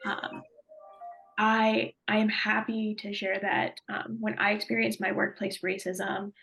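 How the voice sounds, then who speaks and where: A woman presenting a webinar, guiding a group discussion in a measured, affirming way, with soft half-whispered asides. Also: medium pitch, gravelly.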